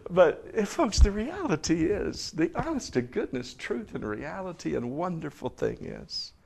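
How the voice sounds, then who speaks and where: A man preaching a sermon and leading prayer, dropping to a hush and then rising loud to coax the congregation. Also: high-pitched, big pitch swings, measured pace, vocal fry, a little hiss or hum. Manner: swings from hushed to loud, coaxing the congregation. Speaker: pastor. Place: church service in front of a congregation.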